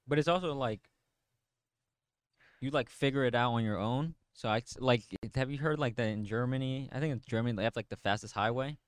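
A man's voice: medium pitch, a little fast, clear, resonant tone, no echo, studio quality. A young man in a casual chat with friends, telling stories in an easygoing, hedging way.

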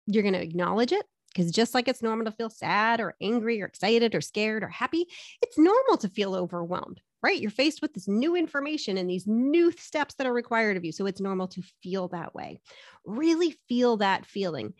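A woman's voice: on the high side, big pitch swings, normal speed, no room sound. Woman coach, middle-aged, direct and upbeat, dry close sound. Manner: direct and upbeat, asks the listener rhetorical questions. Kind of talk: motivational coaching talk.

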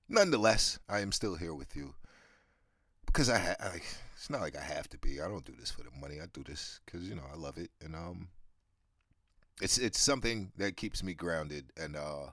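A man's voice: low voice, expressive, moderate pace, sharp tone, dry recording, clean studio sound. A man hosting his own show, ranting in a loose, profane monologue full of fillers and laughter. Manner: profane, rambling, laughs often. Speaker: podcast host. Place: New York.

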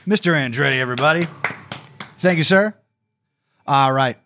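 A man's voice: fairly high pitch, normal speed, pushed and bright, slight background noise. A man hosting a morning show, upbeat and teasing his co-hosts. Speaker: host. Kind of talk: casual chat.

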